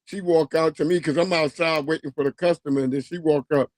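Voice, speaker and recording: A man hosting a livestream, telling stories in a casual, profane, animated and mocking way. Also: fairly high pitch, fairly quick, no echo. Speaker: livestream host. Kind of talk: casual storytelling rant.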